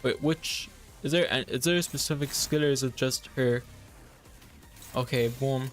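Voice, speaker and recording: A man streaming a game, excitedly thinking aloud and talking to his chat. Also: medium pitch, normal speed. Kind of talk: live game commentary. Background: faint game music.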